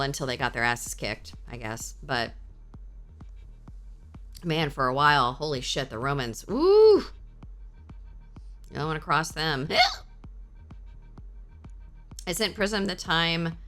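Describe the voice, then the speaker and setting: A woman streamer in casual live-stream chat, swearing freely and answering her chat aloud with excitable reactions. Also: low voice.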